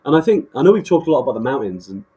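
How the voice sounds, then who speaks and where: A man's voice: medium pitch, big pitch swings, racing, warm tone, husky. A man co-hosting a podcast in casual chat, enthusiastic and rambling with many restarts. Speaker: podcast co-host.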